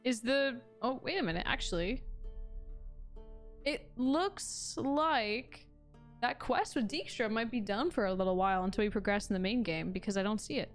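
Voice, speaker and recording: A woman's voice: fairly high pitch, lively intonation, moderate pace. A woman streamer giving chatty, sarcastic, casual let's-play commentary. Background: game music.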